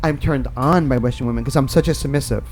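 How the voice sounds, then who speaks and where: A man with a New Jersey accent hosting a talk show, teasing his guests in playful, loud banter. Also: medium pitch, quick pace. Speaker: radio talk show host. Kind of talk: joking interview banter.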